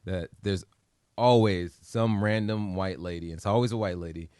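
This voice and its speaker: A man's voice: low voice, normal speed, darkish tone, clear, resonant tone, dry recording, clean studio sound. A man co-hosting a casual chat podcast, talking emphatically and animatedly with frequent restarts. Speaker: podcast co-host.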